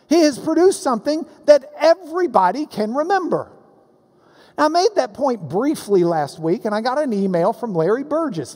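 A man preaching a sermon as pastor, animated and playful as he recites rhymes and sounds out words. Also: very high voice. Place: church sanctuary. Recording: long hall reverb.

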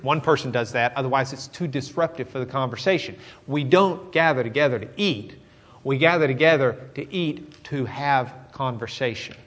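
A middle-aged man preaching a sermon with animated, dramatic storytelling. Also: medium pitch, moderate pace. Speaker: pastor.

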